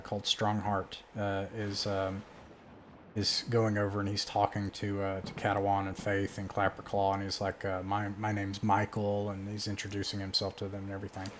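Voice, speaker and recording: Slow halting guy running a tabletop game, lots of ums, bit of noise behind. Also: on the low side. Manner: halting, many fillers and restarts. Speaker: game master.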